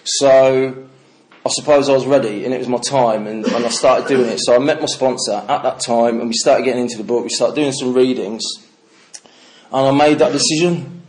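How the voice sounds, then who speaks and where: A man's voice: mid-range voice, steady tone, normal speed, darkish tone. A middle-aged man from the English Midlands giving a candid personal recovery talk to a meeting, swearing freely and telling stories with laughter. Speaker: recovery speaker.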